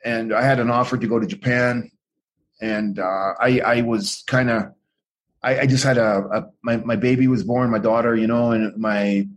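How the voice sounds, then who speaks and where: A man's voice: medium pitch, steady tone, normal speed. Middle-aged man, casual storyteller, swears a lot, rambling, voices other people in his stories. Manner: profane, rambling, acts out quoted voices. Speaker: guest, former pro wrestler.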